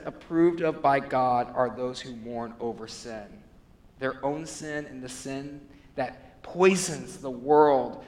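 A pastor preaching in a sermon, his voice a bit high for a man, dropping low and soft before climbing to loud, urgent peaks. A long reverb trails every phrase, as in a large hall. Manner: preaching with wide swings between quiet, low passages and loud, high climaxes.

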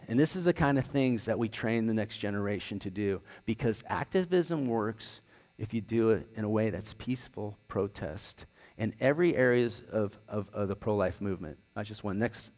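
A man's voice: on the low side, a little mellow. A man, an outreach director, gives an earnest slide presentation, telling stories and retelling conversations. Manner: earnest, storytelling, retells dialogue. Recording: long hall reverb.

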